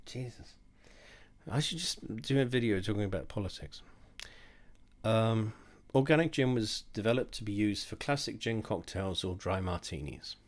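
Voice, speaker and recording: A man's voice: on the low side, moderate pace. A young man rambling and swearing through a casual drinks tasting while drunk, mocking himself as he goes. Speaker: host of a drinks tasting video. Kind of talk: casual tipsy tasting monologue.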